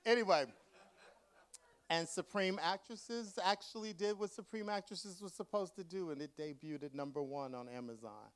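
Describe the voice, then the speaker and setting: A man with a fairly high voice tells comic stories to a live audience at a museum book talk. He is animated and campy, and he acts out every voice in the tale. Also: normal speed. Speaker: author giving a book talk.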